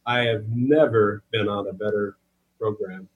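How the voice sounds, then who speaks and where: A man's voice: fairly low pitch, steady tone, a little slow, phone-quality sound. A man who is an author and podcast guest, sincerely thanking the hosts in an interview. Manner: earnest, sincere, trails off softly.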